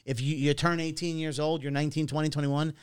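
A man's voice: fairly high pitch, level tone, fast, clean tone, no echo. Dry-sounding man telling a story hesitantly. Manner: hesitant storytelling full of fillers and restarts. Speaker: podcast co-host. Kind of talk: casual chat.

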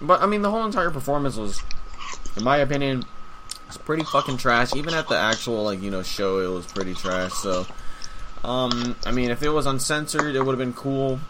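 A young man co-hosting a podcast, talking in casual, profane, animated bursts. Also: medium pitch, a little fast, background noise. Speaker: podcast co-host. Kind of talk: casual chat.

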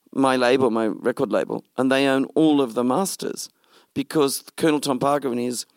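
Man, middle-aged, gravelly, dry recording. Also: medium pitch, dry recording. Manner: animated storytelling, acts out quoted speech. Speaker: film director. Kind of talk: interview conversation.

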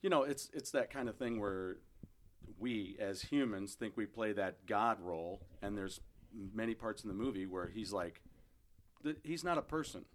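Relaxed, agreeable man, low voice. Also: moderate pace. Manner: relaxed, agreeable, frequent short affirmations. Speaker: podcast co-host. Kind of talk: casual chat.

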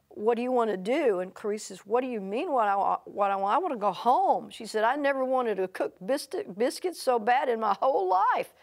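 A woman preaching a sermon, telling a story with lively quoted voices and frequent restarts. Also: on the high side.

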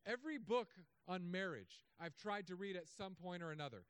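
Pastor, male, 30s, high voice, dry close sound, joking sarcastic sermon delivery. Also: fairly quick, few pauses, clean tone, dry recording. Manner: humorous, sarcastic asides with animated swings.

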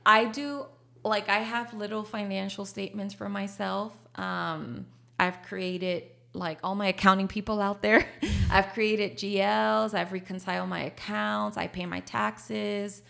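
Gravelly-voiced woman chatting. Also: mid-range voice, fairly even intonation, a little slow, sharp tone. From Texas. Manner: chatty, laughs often, mixes in Spanish. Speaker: coffee shop owner, guest. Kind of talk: casual interview chat.

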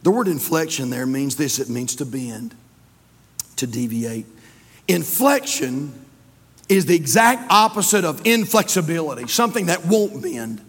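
A man, a pastor preaching a sermon in a church, swinging between loud fervor and hushed tones. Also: fairly high pitch, very animated, measured pace, breathy edge, long reverb tail. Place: church sanctuary.

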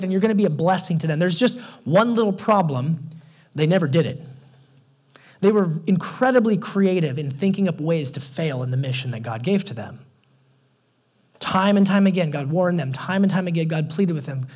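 A young man preaching a sermon as pastor, telling stories in a conversational way and dropping low and quiet for emphasis. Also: breathy edge.

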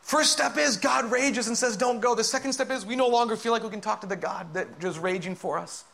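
A man delivers a sermon in a high voice. He swings from loud, urgent calls to hushed, whispered asides as he acts out the doubts of his listeners. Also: a little fast, vocal fry. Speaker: pastor.

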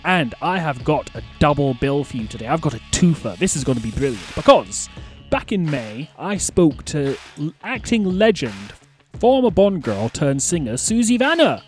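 Lively Scottish man hosting a podcast. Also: a little high, normal speed, faint music behind. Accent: Scottish, mild. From Scotland. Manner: chatty and jokey, lively delivery. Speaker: podcast host. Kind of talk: casual chat interview.

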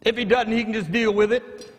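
A man preaching a sermon as pastor, leading phrases with "uh" and building to shouts. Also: sits high, steady tone, a little fast, in a large hall. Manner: preaching with frequent "uh" before each phrase, rising to shouts.

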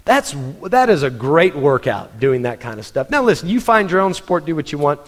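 Storytelling preacher in a reverberant church. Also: male voice, a little high, normal speed. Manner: animated storyteller, laughs at his own stories. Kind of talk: humorous sermon storytelling. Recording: long reverb in a church hall.

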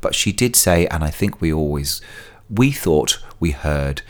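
A man's voice: deep voice, big pitch swings, normal speed. A man telling stories on his solo podcast, chatty and prone to digressions and sidebars. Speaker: podcast host. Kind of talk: casual solo podcast storytelling.

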